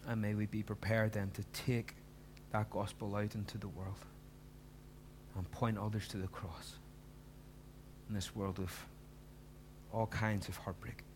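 Earnest preacher, lowish voice. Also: male voice, level tone, unhurried, long pauses, background noise. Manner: earnest, pleading, rising to emphatic questions. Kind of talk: sermon.

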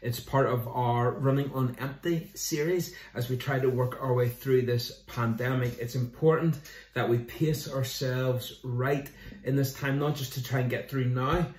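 A man's voice: medium pitch, fairly even intonation, a little slow, a little mellow, recorded from a distance. A man, a pastor giving an online sermon in a conversational way, with jokes and scripture readings. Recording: roomy echo.

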